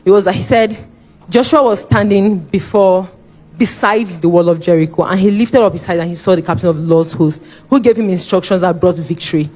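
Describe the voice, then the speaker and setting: A young woman with a Nigerian accent giving a church testimony, animated and re-enacting her own shouting and pleading as she tells it. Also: lowish voice, brisk.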